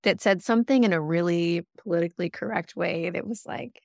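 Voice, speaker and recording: A woman's voice: on the low side, fairly quick, creaky, no echo, studio quality. A woman in her thirties chatting candidly in a grateful, easygoing way. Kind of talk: candid casual chat.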